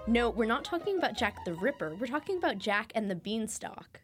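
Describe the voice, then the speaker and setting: A woman hosting a podcast, reading scripted narration with a crisp, playful tone. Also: on the high side, sing-song, a little fast, a bit bright, soft background music. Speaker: podcast host.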